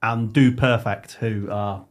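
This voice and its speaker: A man's voice: on the low side, steady tone, slow. A man hosting a casual podcast interview, steering the chat with questions. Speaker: podcast host.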